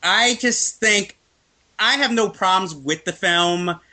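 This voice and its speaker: A man's voice: sits high, slow, bright, forceful tone. A man chatting casually about films, opinionated and laughing often. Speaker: guest film reviewer. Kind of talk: casual film chat.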